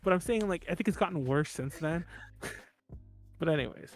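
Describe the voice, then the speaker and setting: A man hosts a podcast in casual chat. His voice sits a little high, and he rambles through stories. He restarts sentences and laughs often. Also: expressive, normal speed, soft background music. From Mexican-American. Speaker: podcast host.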